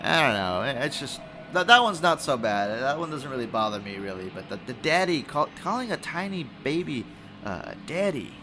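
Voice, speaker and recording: A man's voice: medium pitch, big pitch swings, moderate pace, music in the background. A man hosting a solo podcast alone in a room, rambling and swearing, with many fillers and restarts. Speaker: podcast host. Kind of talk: casual solo podcast rant.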